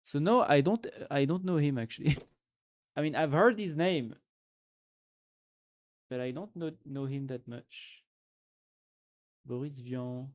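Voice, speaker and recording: A man with a French accent chats on his live stream, thinking out loud with plenty of fillers and exclamations. His voice sits a little high, and he talks at an unhurried pace. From France. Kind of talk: casual live-stream chat.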